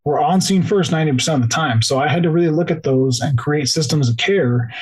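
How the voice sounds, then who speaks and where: A fairly high, breathy-edged voice comes from a police officer on a podcast, speaking fast as he shares an emotional story about himself. The audio is poor, and he leans on "like," restarts, and sometimes nearly cries.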